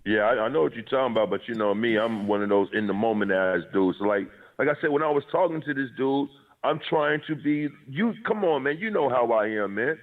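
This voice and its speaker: A man's voice: mid-range voice, animated, fairly quick. A man talking in a heated, profane, blunt way as a guest on a call-in chat show. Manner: profane, blunt, says he is aggressive and abrasive. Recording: tinny phone-like call line.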